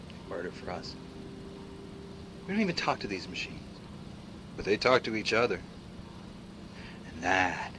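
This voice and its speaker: Ranting paranoid pundit. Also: male voice, on the high side, noisy background. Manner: ranting, swinging from hushed whispers to shouts. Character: paranoid male pundit ranting against machines. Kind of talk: video game dialogue.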